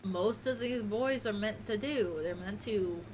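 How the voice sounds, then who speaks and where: Woman, game streamer, casual thinking-aloud commentary, slow drawl. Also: a little hiss or hum. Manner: low-key, thinking aloud while playing.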